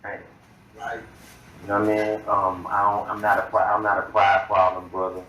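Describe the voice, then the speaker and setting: A man's voice: on the low side, monotone, moderate pace, pushed and bright. A man speaking hesitantly in a played video clip, stumbling and repeating himself. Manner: hesitant, repeats words, conversational. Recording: echoey clip from far off with faint noise.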